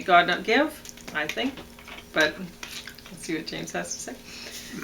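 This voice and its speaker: Woman, casual co-host, bright voice, reads lyrics and explains word stress, lots of ums, faint background hiss. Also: mid-range voice, takes it slowly, low-quality recording. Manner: reads lyric lines, then explains which word should be stressed, with fillers. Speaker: podcast co-host reviewing songs. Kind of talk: casual analytical chat.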